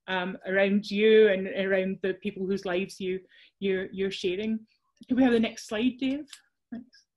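A woman's voice: medium pitch, a little mellow. A Scottish woman presenting a workshop over a video call, chatty and self-deprecating with frequent restarts.

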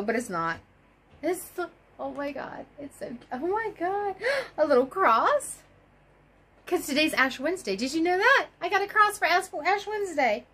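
A woman vlogging an excited unboxing, gushing, gasping and squealing with delight. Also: high-pitched. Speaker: crochet vlogger.

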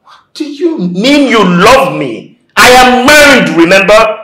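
A man's voice: on the low side, sing-song, normal speed. A Nigerian actor playing a married man, incredulous and defensive. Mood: outraged. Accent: Nigerian English. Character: married man, confused and indignant. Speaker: actor in a romantic film.

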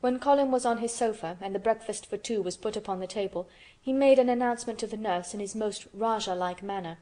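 A woman narrating an audiobook of a classic children's novel in a steady, measured reading. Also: mid-range voice. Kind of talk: scripted narration.

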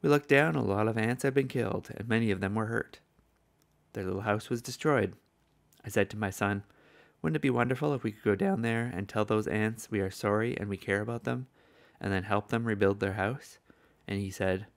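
A man's voice: fairly low pitch, a little fast, vocal fry. An older man from the States, preaching a sermon in an earnest storytelling manner. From southern United States. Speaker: evangelist preacher.

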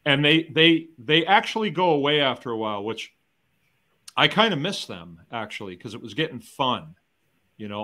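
A man's voice: mid-range voice, sharp tone. A middle-aged American man in a round-table chat, talking in an emphatic, conversational way. He often asks rhetorical questions and repeats or restarts his words as he thinks aloud. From United States. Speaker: guest farmer and educator.

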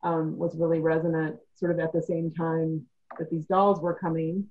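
A woman on a discussion panel, talking in a measured academic way and thinking aloud with frequent pauses. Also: low-pitched, flat delivery, phone-quality sound.

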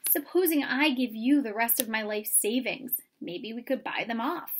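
A woman's voice: a little high, normal speed, husky. A woman voicing a small, anxious male city mouse in a storybook reading, fretful and pleading.

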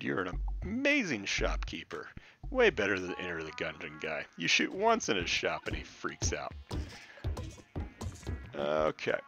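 Gravelly low-voiced man narrating a game. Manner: talks to the game's creatures, swings between loud outbursts and mumbling. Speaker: gameplay commentator. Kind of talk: casual let's-play commentary. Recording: game music behind the voice.

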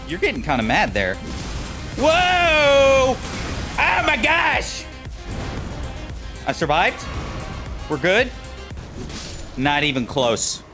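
A man giving jokey, excitable commentary while playing a game, swearing and talking to enemies. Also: a little high. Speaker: gameplay commentator. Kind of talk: casual let's-play commentary.

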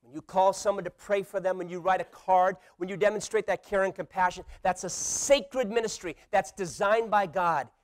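A middle-aged male pastor preaching a sermon, swinging from hushed asides to loud emphatic calls and playfully acting out quoted voices. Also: sits high, fairly even intonation, normal speed, few pauses.

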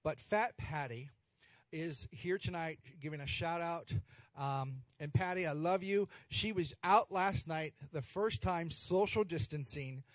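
A male emcee who gushes over each guest, rambling and restarting his sentences as he goes. His voice sits a little high for a man. The recording is dry and close, with no room sound. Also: measured pace, no room sound. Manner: warm, gushing, rambling with restarts. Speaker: host of a charity stream. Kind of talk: emcee introductions.

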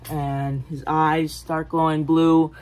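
A woman casually pitching a film idea, rambling with many fillers and giggly asides. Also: little pitch movement, slow, darkish tone, low-quality recording. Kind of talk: casual movie-pitch chat.

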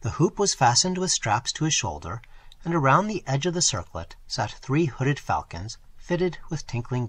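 A man narrating a first-person story for an audiobook in an expressive storytelling manner. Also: mid-range voice, breathy edge, no echo. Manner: expressive storytelling, varied delivery.

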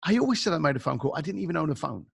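A middle-aged man with a London accent tells a story as a podcast guest, acting out each person in it with lively swings of pitch. His voice has a gravelly edge, and the recording is close and dry. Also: rapid-fire, no room sound. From England. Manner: animated storyteller acting out dialogue.

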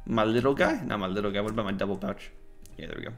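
A young man streaming a video game with a friend, joking and bursting into loud yelps. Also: on the low side, rapid-fire. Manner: excitable, jokey, swings to loud yelps. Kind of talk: casual gaming chat. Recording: faint game music behind.

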